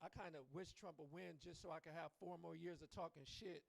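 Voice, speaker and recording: A man's voice: a little high, fairly even intonation, brisk, vocal fry, no room sound. A man performing a live stand-up set on a comedy club stage, swearing freely and teasing the crowd. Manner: profane, loose, teasing the crowd.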